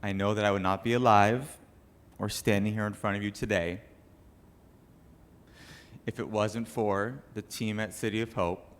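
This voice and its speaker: A man's voice: lowish voice, steady tone, normal speed, long pauses. A young man, a cancer survivor, giving an earnest and emotional speech to an audience at a charity event. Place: banquet room with an audience.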